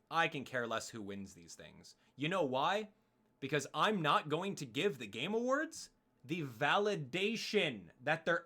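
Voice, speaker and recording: A man's voice: mid-range voice, pushed and bright. A young man streaming live, ranting in an exasperated, heated way and talking straight to his chat. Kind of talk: casual live-stream rant.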